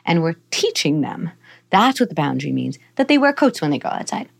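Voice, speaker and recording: A woman's voice: sits low, a little fast, gravelly. A middle-aged woman psychologist, a guest on a podcast, explaining parenting in an earnest, teaching way. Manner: earnest, explanatory, playfully animated in examples.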